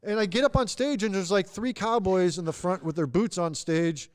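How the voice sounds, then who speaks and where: A man's voice: sits high, moderate pace. A man, a comedian, telling loose, profane stories in casual chat and laughing through them. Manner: animated, swearing, laughs through his stories. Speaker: comedian guest.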